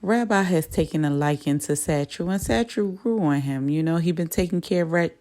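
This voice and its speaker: A woman with a low, mellow voice chats her way through a TV episode recap. She is relaxed and conversational, and she slips into quick voices for the characters' lines. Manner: chatty, voices the characters' lines while retelling. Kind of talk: casual plot retelling.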